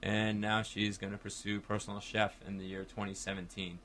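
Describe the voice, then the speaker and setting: A man with a lowish voice and a bright, forceful tone hosts a call-in radio talk show. He talks in a casual, rambling, upbeat way into a studio microphone. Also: flat delivery, fairly quick, a little hiss or hum.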